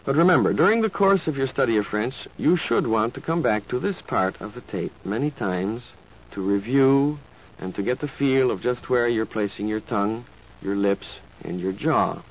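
A man teaching pronunciation in slow, carefully enunciated scripted narration, like an old instructional tape. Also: medium pitch, expressive. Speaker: language teacher. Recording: dull lo-fi tape with faint hiss.

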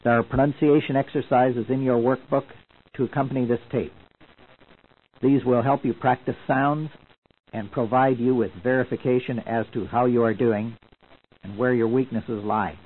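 A man giving measured, explanatory scripted narration as the narrator of a language course. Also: mid-range voice, steady tone. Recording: tinny lo-fi old tape.

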